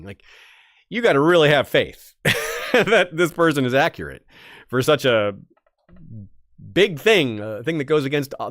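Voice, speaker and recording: A man co-hosting a podcast, discussing story lore in a casual, animated way and teasing his co-host with frequent laughter. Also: on the high side, dry recording, clean studio sound.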